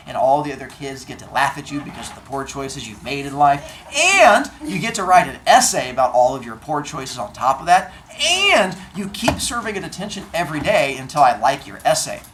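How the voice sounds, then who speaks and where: A man teaching his class, spinning a comic tale with deadpan exaggeration. His pitch leaps and swoops freely as he tells it. A faint hum of classroom noise sits under his voice. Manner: animated storyteller, acts out exchanges in comic voices. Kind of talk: classroom talk to students.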